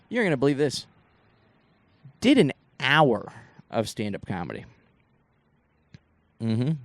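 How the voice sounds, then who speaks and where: A man's voice: medium pitch, dry recording. A young man from Northeast Ohio, a comedian, telling rambling stories on his solo podcast with lots of swearing and asides. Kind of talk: casual solo podcast storytelling.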